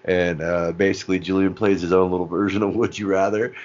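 A man's voice: low-pitched, flat delivery, a little mellow, lo-fi sound. A man in casual podcast chat who swears, laughs a lot and recounts scenes. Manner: laughing, profane, retells scenes by doing quick voices.

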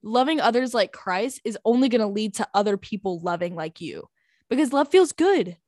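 An eighteen-year-old woman co-hosts a faith podcast, her voice on the high side, expressive, a little mellow, and at normal speed. The recording is dry with clean studio sound. She talks casually and earnestly, chatty and peppered with frequent "like" and "um" fillers.

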